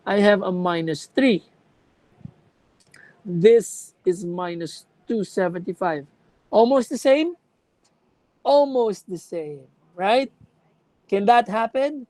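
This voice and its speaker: A woman's voice: medium pitch, slow pace, pauses often, darkish tone, dry recording, low-quality recording. A woman lecturing a class on contact lenses, explaining with examples and checking that students follow.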